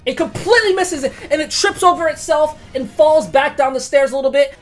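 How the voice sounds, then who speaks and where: A high-voiced woman runs a tabletop game and narrates the action with rising excitement. She swears freely and breaks into loud reactions at big rolls. Faint music plays underneath. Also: fairly quick. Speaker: game master.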